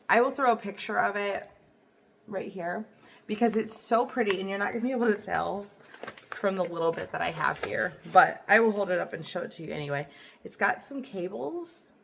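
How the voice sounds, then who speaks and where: A chatty woman hosts her knitting vlog from home. She talks to the camera in an easygoing, enthusiastic way, full of little fillers and asides. Her voice sits at an ordinary middle pitch. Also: gravelly. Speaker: knitting podcast host. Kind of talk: casual chat to camera. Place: home, indoors.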